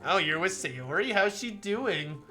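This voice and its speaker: A man's voice: high voice, very animated, unhurried, sharp tone, faint music behind, full character voice. A man voicing a caring, fussy middle-aged mother in a visual novel reading on stream, doting and teasing as he reads her part.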